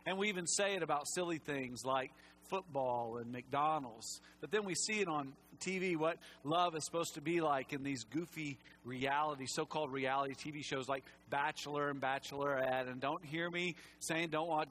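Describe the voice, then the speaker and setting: A man preaching with fervor in a church sanctuary, his voice rising high and then dropping to a near whisper. He sounds emotional, close to tears, and a faint hum sits under the recording. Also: normal speed, hardly any pauses, low-quality recording. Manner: impassioned, swings from loud to hushed. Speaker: pastor. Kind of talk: sermon.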